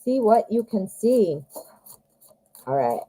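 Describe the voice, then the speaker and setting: A woman's voice: mid-range voice, big pitch swings, takes it slowly, warm tone, slight background noise, low-quality recording. A woman giving a live-stream tarot reading, chatting directly to viewers with lots of fillers and friendly asides. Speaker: tarot reader.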